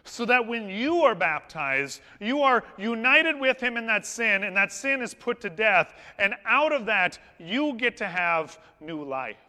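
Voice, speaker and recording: Male pastor, high voice, conversational storytelling sermon, church reverb. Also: very animated, measured pace, hardly any pauses. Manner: conversational, anecdotal, warm humor. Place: church sanctuary. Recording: long hall reverb in a church.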